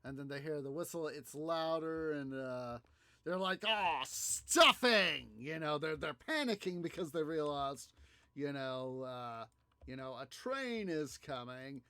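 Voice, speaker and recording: A man hosting a gaming video, telling a story in a halting, rambling way, full of fillers and restarts as he plays. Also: on the high side, smooth, no room sound. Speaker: gaming channel host. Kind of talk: casual gameplay commentary.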